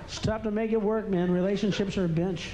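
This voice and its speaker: A man's voice: high-pitched, steady tone, fairly quick, heavy background noise. A man doing a live stand-up routine, ranting and breaking into sudden screaming tirades. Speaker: stand-up comedian. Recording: live club, loud crowd.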